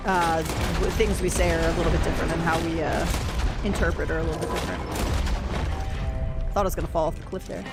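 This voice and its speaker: A woman's voice: lowish voice, level tone, quick pace, pauses often, loud music behind the voice. Chatty American woman streaming a game. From United States. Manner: chatty, reacts to chat and gameplay as she plays. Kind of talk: casual livestream chat.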